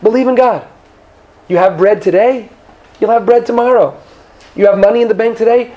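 A man teaching a Torah class to women, lively, acting out quoted speakers and often checking in with his listeners. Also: sits high, a little fast.

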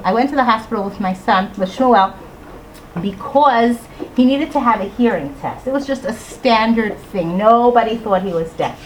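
Woman, middle-aged, storytelling to an audience, animated, acts out voices, higher voice, faint background noise. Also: rough recording. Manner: animated, acts out voices and sings lines of a rhyme. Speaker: speaker telling a personal story to an audience. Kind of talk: storytelling talk.

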